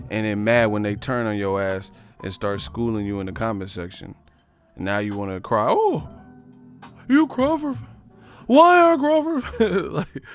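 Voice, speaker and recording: A man hosting a casual live stream, chatting and mocking commenters in slangy, animated talk, with faint music behind. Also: mid-range voice.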